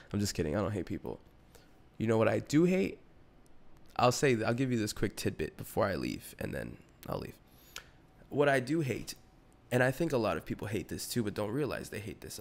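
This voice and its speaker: A young adult man hosting a podcast solo, rambling in a slangy, profane, casual way. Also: mid-range voice. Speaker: podcast host.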